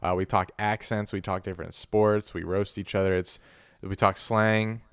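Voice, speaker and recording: A man co-hosting a podcast, talking in a relaxed, rambling way full of slang. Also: fairly low pitch, moderate pace, clean tone, no echo. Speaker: podcast co-host. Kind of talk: casual podcast chat.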